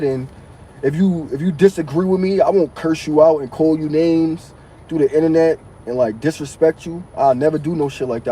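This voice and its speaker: A man's voice: on the high side, dark tone, a little hiss or hum, low-quality recording. Slangy man chatting on a live stream. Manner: loose slangy street talk, reads chat comments aloud. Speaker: live-stream host reading chat. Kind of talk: casual live-stream chat.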